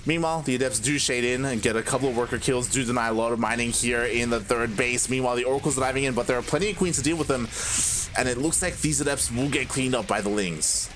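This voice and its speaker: A young man from Australia with a mixed Australian and Spanish-influenced accent, casting a game live on his own, excitable and quick to exclaim. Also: mid-range voice, background noise. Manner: excitable, exclaims often and laughs at chat. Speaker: esports caster. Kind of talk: solo live game commentary.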